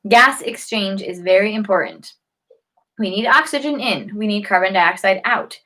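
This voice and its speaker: A health educator speaks casually to the camera, her mid-range voice bright and forceful at a moderate pace, though the audio is poor. She explains health topics in a chatty way, stumbling, restarting and filling pauses with "um," and she yawns often as she talks.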